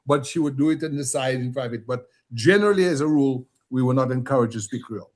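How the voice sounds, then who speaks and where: A man from Dominica talks through a conversational interview, his voice husky and a little breathy. His pitch sits in a middle range. He tells stories and grows animated when he quotes people. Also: quick pace. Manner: storytelling, animated when quoting others.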